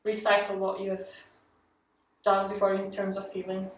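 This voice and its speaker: A woman's voice: medium pitch, completely flat delivery, moderate pace. A woman co-teaching a casual online dance class, chanting step counts and explaining the moves one at a time. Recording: echoey room, distant mic, noisy.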